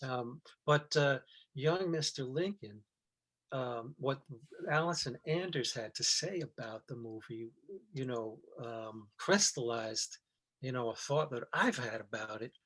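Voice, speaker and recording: A man's voice: mid-range voice, a little slow, fairly bright tone. A middle-aged man talking casually as a guest, rambling and restarting his sentences with many fillers. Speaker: guest actor. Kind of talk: casual chat.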